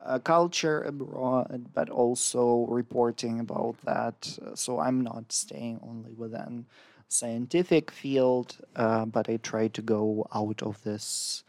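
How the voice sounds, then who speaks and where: Podcast co-host, casual chat, slow, halting, laughs a lot. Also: medium pitch, fairly even intonation, darkish tone. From Ukraine. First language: Ukrainian. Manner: hesitant, many ums, laughs often. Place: Berlin area.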